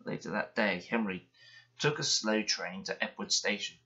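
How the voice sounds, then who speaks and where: A man reading a children's bedtime story aloud in a gentle, expressive way. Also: lowish voice, normal speed. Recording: dull lo-fi sound.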